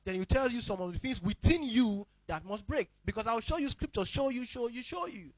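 A man preaching a sermon as the pastor, emphatic and repetitive, swinging between loud declarations and hushed asides. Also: very high-pitched, expressive, a little fast, no room sound, low-quality recording.

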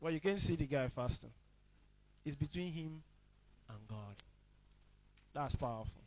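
A man preaching a sermon as the pastor, emphatic and repetitive, swinging between loud declarations and hushed asides. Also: a little high, animated, measured pace, poor audio.

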